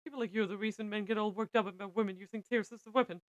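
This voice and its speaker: A woman's voice: mid-range voice, fairly even intonation, rapid-fire, no echo, lo-fi sound, natural voice. A woman voicing a stern scolding secretary. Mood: demanding. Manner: harsh, scolding, belting demands.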